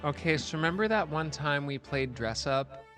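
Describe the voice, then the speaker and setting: A man's voice: fairly high pitch, moderate pace, music in the background. A man reading and voicing game characters in a playful, laugh-filled playthrough. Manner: playful, laughs often, lively.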